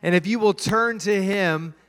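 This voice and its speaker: High-voiced preaching man in a reverberant church. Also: a little slow, a bit bright, clean tone. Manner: storytelling, acts out voices and screams. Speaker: pastor. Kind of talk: sermon.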